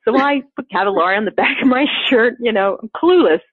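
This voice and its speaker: A woman telling a funny personal story in casual chat, animated and laughing often, acting out the quotes. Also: a little high, quick pace, slightly rough, no echo. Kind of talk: casual anecdote. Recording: phone-like narrow sound.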